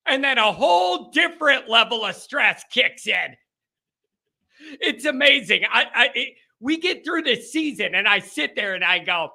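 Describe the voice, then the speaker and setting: A man hosting a call-in sports show, talking in an animated, joking, rambling way. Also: sits high, a little slow, vocal fry. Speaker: podcast host. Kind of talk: casual call-in show monologue.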